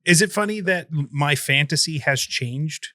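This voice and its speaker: A man's voice: on the high side, moderate pace, pushed and bright, no room sound, clean studio sound. A man hosting a podcast interview, chatting casually with a self-deprecating, jokey manner. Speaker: podcast host.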